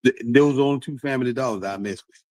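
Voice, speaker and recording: A man's voice: medium pitch, fast talker, no room sound, low-quality recording. A man talking casually and repetitively to his stream audience, with frequent laughs. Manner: animated, repetitive, preachy, laughs often. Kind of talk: casual livestream talk.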